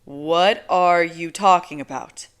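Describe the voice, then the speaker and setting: A woman's voice: on the low side, slow, smooth. A woman reading an audiobook, voicing a laid-back young man who teases, with emphatic, amused delivery. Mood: amused, teasing. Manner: relaxed, teasing, emphatic. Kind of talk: audiobook character voice.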